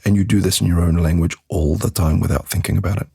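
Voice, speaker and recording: Deep gravelly man teaching English. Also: fairly even intonation, fast, dark tone, no echo, studio quality. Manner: demonstrates phrases with shifting intonation. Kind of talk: podcast language lesson.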